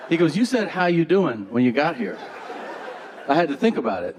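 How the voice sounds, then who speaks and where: A man doing a stand-up comedy set on stage, telling stories in a deadpan way and acting out both sides of the dialogue. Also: a little high, fairly quick. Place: theater stage before a live audience. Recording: live show with crowd noise. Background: audience laughter.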